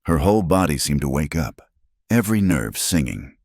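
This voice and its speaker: A man narrating a scripted story in a slow, measured, hushed way. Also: very deep voice, big pitch swings, breathy edge, no echo, studio quality.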